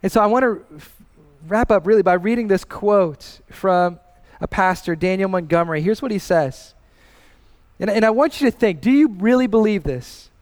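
A man's voice: sits high, expressive, moderate pace. A man in his thirties preaching a sermon as pastor, earnest and personal, rising in emphasis as he tells a family story.

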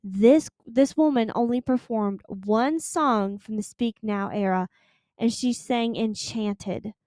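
A young woman hosting her own podcast, talking in an excited, gushing way, breathless at times and swearing freely. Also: fairly high pitch, slow, no echo. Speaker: podcast host. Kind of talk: excited casual podcast chat.

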